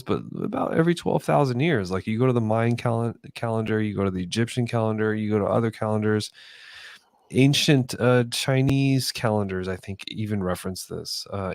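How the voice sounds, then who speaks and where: A man's voice: fairly low pitch, creaky, a little mellow, dry recording, clean studio sound. A man co-hosting a casual late-night podcast, talking hesitantly with lots of filler words. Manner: hesitant, many fillers like 'like' and 'um'. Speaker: podcast co-host.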